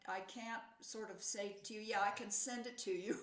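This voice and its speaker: A woman's voice: mid-range voice, fairly even intonation, moderate pace, fairly bright tone, echoey room. A woman in her sixties, a pianist, giving a thoughtful talk, searching for words with fillers and restarts. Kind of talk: reflective lecture talk.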